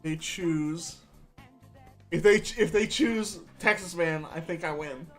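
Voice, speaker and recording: A man's voice: on the high side, slow, soft background music. A man streaming live, reading an AI-made story aloud and laughing often as he goes.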